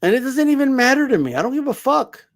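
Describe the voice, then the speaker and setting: A man's voice: extremely high pitch, big pitch swings, fast. A man hosting a boxing channel, ranting to camera in a sarcastic, profane, mocking way. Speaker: boxing YouTuber. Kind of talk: casual rant to camera.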